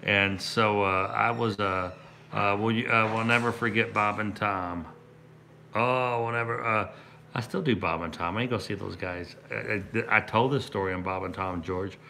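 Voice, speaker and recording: A man's voice: fairly low pitch, fairly even intonation, normal speed, creaky, pushed and bright, slight background noise. A middle-aged man from Kentucky, a comedian chatting casually on a livestream, rambling through a story with restarts and asides to viewers. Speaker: comedian and prank video host.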